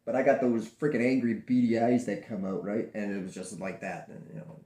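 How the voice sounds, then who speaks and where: Man, lowish voice, blunt and profane, candid interview, roomy echo. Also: fairly quick, hardly any pauses. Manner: blunt and profane, animated storyteller. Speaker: adult film producer. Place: his own studio.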